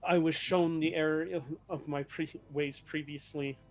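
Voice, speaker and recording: A stiff, canned robotic cyborg veteran, as a game master puts him on, loyal and terse, with a slightly raised voice. His halting, clipped military phrasing clunks along word by word, with faint music under the recording. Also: fairly high pitch, fairly even intonation, lightly acted. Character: retired male full-conversion cyborg soldier, loyal, terse.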